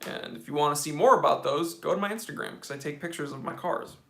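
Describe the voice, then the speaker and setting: An American man hosts a relaxed livestream, reading viewer comments aloud and answering them with easy enthusiasm. His voice is bright and a little higher than most men's. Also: quick pace, creaky. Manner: casual, enthusiastic, says dude a lot. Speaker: watch channel host.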